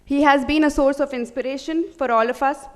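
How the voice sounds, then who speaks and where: A young woman, a student reading a prepared vote of thanks, earnest and steady. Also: high-pitched, brisk. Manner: read from notes, earnest. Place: large auditorium hall. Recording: reverberant hall.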